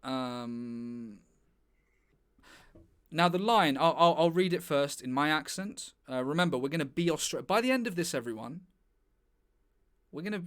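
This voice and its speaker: Brief: man doing a bossy, self-important acting coach, slightly high voice. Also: a bit bright, clear, resonant tone. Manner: mock-authoritative, self-important. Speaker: comedy streamer playing a pompous acting coach. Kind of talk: improvised comedy bit. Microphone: webcam mic on a live stream.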